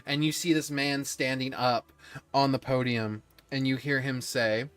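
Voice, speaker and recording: A man's voice: medium pitch, steady tone, measured pace, fairly bright tone, smooth. A man narrating a tabletop game as game master, casual and laughing, with some profanity.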